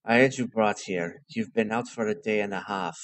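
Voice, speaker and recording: Guy doing a german doctor, thick german accent, slow low careful game voice. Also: dry recording, close to an everyday voice. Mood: calm. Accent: put-on German.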